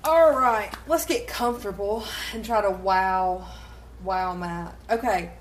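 A woman's voice: mid-range voice, slow pace. Playful woman co-host, faint room noise. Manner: playful, leads topics with cheeky questions. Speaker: podcast co-host. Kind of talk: casual chat.

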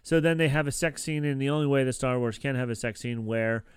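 Smooth-voiced man recapping casually. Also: mid-range voice, fast, dry recording. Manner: rambling, many fillers and restarts. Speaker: podcast co-host recapping a TV episode. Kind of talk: casual chat.

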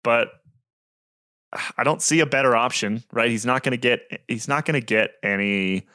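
A man's voice: medium pitch, normal speed, pushed and bright, no room sound, studio quality. A man co-hosting a cycling podcast, chatting casually and chuckling through his points. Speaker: podcast co-host.

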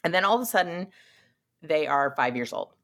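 A woman co-hosting a casual podcast chat, animated, laughing often and swearing casually. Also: sits low, a little fast, gravelly. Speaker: podcast co-host.

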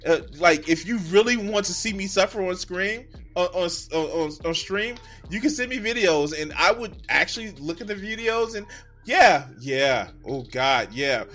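A man streaming live, reacting to videos with loose, profane, excitable commentary that keeps tipping into giggles. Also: high voice, moderate pace, faint music behind. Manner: excitable, swearing, breaks into giggles.

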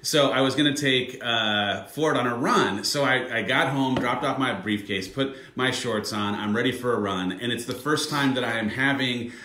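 A man's voice: medium pitch, normal speed, hardly any pauses, reverberant, background noise. A man in his thirties co-hosting a casual chat, telling a self-deprecating, comic story. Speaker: podcast co-host.

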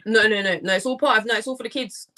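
A woman's voice: fairly high pitch, rapid-fire, bright, forceful tone. A young woman, a poet and artist, chatting and joking as a guest on a video call, with lots of fillers. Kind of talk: casual interview over video call.

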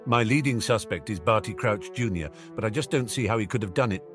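A man's voice: lowish voice, brisk, music in the background, natural voice. Man voicing a cheeky, wry teenage wizard. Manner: sardonic, breezy.

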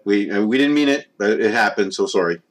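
Canadian male guest, lower register, deadpan rambling comic delivery. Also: brisk. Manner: deadpan, rambling with many fillers. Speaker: podcast guest. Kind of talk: comic mock apology bit. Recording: ambient room sound.

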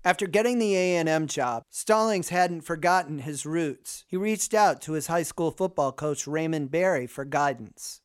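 A man's voice: fairly high pitch, moderate pace, hardly any pauses, clean tone. A man hosting and narrating a sports podcast, in a polished, scripted announcer delivery.

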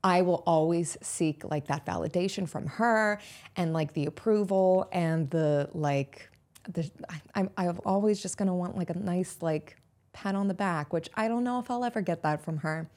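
A woman's voice: fairly low pitch, normal speed, darkish tone. A woman in her twenties talking as a podcast guest, earnest and open, with lots of "like" fillers. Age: 20s. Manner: earnest, heavy use of "like" fillers. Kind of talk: casual chat.

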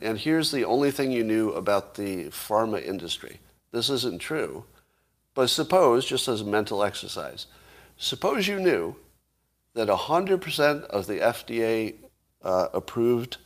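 A man hosting a casual livestream, arguing his point and throwing rhetorical questions at viewers, with the odd chuckle. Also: on the low side. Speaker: livestream host.

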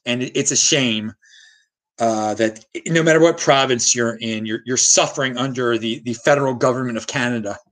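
A man's voice: medium pitch, normal speed, fairly bright tone. A man hosting a livestream, ranting heatedly and often restarting his sentences as he reacts to viewer chat. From United States. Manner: heated, combative, with frequent stammered restarts. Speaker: host.

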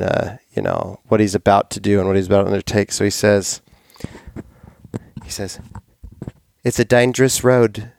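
Man, podcast host, casual rambling chat, gravelly, smooth and resonant, dry close sound. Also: on the low side, darkish tone, no echo. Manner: rambling, self-correcting, enthusiastic.

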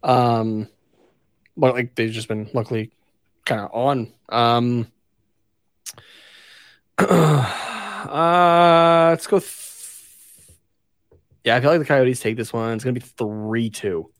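A man's voice: mid-range voice, steady tone, takes it slowly, long pauses, no room sound. Young male co-host, laid-back, mid voice, reads numbers with fillers, dry recording. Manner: easygoing, reads stats aloud with fillers. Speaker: sports podcast co-host. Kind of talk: casual chat.

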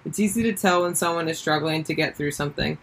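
A young woman co-hosting a casual chat, reading sports tips in a lively, playful, teasing way. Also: deep voice, fast talker, poor audio.

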